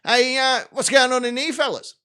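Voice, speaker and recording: A man's voice: very high voice, moderate pace, sharp tone, smooth, pitched above the performer's own voice. An Australian man playing a laid-back, blokey Australian spy who talks in a casual, slangy, friendly way. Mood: easygoing.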